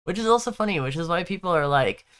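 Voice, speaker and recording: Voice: medium pitch, expressive, quick pace, a bit bright, smooth. A game streamer with a Southern Californian valley-girl accent, chatting casually on a home stream into a desk mic, drawling and filling every sentence with "like" and "you know". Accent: Southern Californian, Valley Girl style. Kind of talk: casual live-stream chat.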